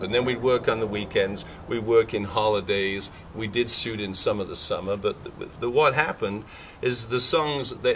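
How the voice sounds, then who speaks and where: A man's voice: lowish voice, noisy background. An older man, a film director, answering interview questions in rambling talk with frequent restarts and self-corrections. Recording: voice from a distance from the mic.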